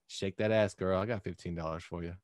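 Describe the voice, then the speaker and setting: A man hosting a podcast in casual chat, animated and joking, often slipping into mock voices. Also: sits low, fast, dry recording. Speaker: podcast host.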